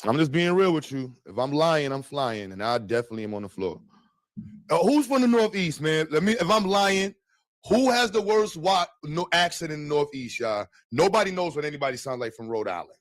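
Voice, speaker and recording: New york dude ranting on stream, crude jokes, lively up-and-down voice, dry close sound. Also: male voice, a little high, brisk, dry recording. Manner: crude, joking, rambling. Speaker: streamer host. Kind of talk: casual live stream chat.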